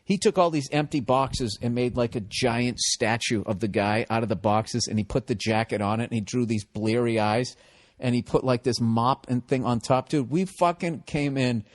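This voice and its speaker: A man hosting a podcast, telling work stories in a casual, profane, animated way. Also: medium pitch, moderate pace. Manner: profane, animated, laughing storyteller. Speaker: podcast host. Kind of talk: casual comedic storytelling.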